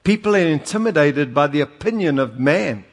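South African preacher in a reverberant hall. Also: male voice, a little high, expressive, moderate pace. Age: older. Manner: storytelling with humor, rising to emphatic exhortation. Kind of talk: sermon.

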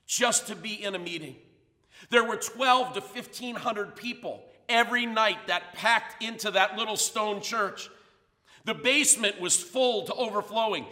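Bright high-voiced preaching man. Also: long reverb tail. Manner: emphatic preaching with rhetorical questions. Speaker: pastor. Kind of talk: sermon.

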